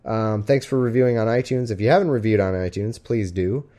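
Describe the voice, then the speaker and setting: The podcast host speaks briskly in a fairly low, dark voice. Streaming live from home with his cat nearby, he rambles and jokes casually, using many fillers.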